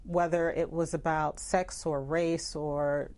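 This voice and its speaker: Low-voiced reflective woman editor. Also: flat delivery, slow pace, a little mellow. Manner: reflective, full of "you know" asides. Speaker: newspaper editor and guest. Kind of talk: conversational interview.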